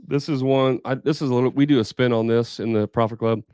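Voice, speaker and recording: A man's voice: medium pitch, fairly even intonation, quick pace, a little mellow, clear, resonant tone, no echo, clean studio sound. A man leading a live sales training for contractors, talking casually, thinking aloud and acting out customer conversations.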